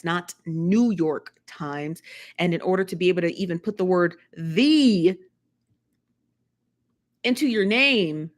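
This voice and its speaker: Woman, live-stream host, casual gossip commentary, chatty, repeats phrases, laughs often. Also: on the low side.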